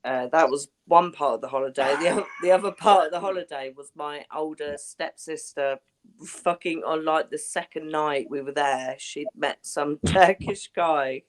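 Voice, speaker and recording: A woman's voice: low-pitched, moderate pace. A woman co-hosting a casual chat, blunt and teasing, laughing and swearing freely.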